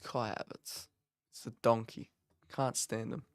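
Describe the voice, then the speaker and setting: Chatty man, smooth dry voice. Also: medium pitch, a little slow, dry recording. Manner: chatty, rambling, bursts of excitement. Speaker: watch-along host. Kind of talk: casual live match commentary. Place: office.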